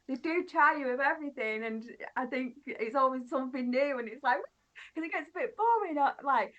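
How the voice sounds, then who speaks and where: A woman, a guest medium, talking in a quick, chatty way with frequent laughter. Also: on the high side, pushed and bright. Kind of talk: casual conversation. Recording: muffled lo-fi audio.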